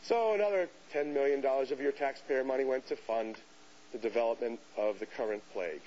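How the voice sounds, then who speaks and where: A man giving a lecture to an audience, telling a story in an animated way and acting out the voices of people he quotes. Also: medium pitch, a little fast. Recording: dull hissy lecture recording.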